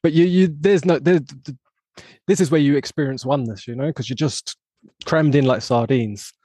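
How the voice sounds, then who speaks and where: A man's voice: mid-range voice, moderate pace, mellow, husky, dry recording. A man from England hosting a podcast, talking in a reflective, thinking-aloud way with lots of "like" and "you know.". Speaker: podcast host. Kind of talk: casual conversation.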